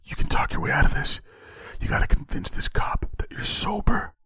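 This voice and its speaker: A man's voice: very deep voice, unhurried, dry recording, clean studio sound, full character voice. A man doing a jittery young man in costume. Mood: whispered self-coaching. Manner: anxious, talks himself into calm.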